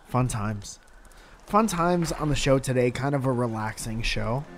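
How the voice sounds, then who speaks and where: A man's voice: mid-range voice, lively intonation, takes it slowly, a little hiss or hum. A man co-hosting a podcast in casual chat, blunt, swearing and laughing easily. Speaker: podcast co-host.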